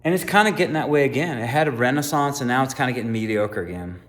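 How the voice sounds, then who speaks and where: 50s guy venting to camera, swears every other word, gets loud then goes soft and quiet. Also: medium pitch, lively intonation, quick pace. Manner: swears constantly, swings between loud ranting and quiet musing. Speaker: contractor and aspiring sandwich maker. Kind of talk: profane personal rant to camera.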